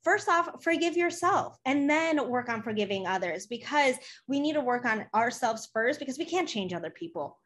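A woman's voice: fairly high pitch, animated, moderate pace, few pauses, a bit bright, a little hiss or hum. A woman coach as an interview guest, talking earnestly and chattily with many fillers. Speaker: life coach, podcast guest. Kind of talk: casual interview talk.

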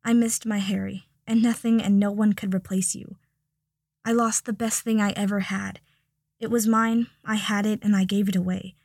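Heartfelt young wizard read by a woman, slightly gravelly, close and dry, audiobook. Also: mid-range voice, little pitch movement, moderate pace, a little mellow, no echo. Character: wry, tender young wizard man in love.

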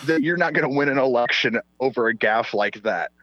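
A man's voice: brisk, a bit bright, no echo, highs cut off. A man in casual political chat, ranting and swearing, his voice jumping up when he is incredulous. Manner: rants, swears, pitch jumps when incredulous.

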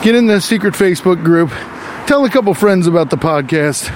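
A man hosting a comedy podcast in a rambling, profane monologue with quick asides. His voice sits high and moves through a lively range. Faint traffic and outdoor noise hum in the background. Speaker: podcast host.

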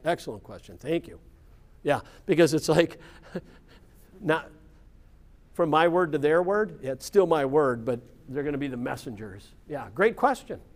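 Guy running a bible study, kinda high voice, chatty, keeps going "right?" "yeah". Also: expressive, moderate pace, pauses often. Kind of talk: informal Bible class teaching.

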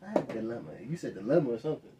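A man's voice: medium pitch, animated, racing, distant mic, background noise. A man co-hosting a podcast, trading teasing, laughing banter in casual chat. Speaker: podcast co-host.

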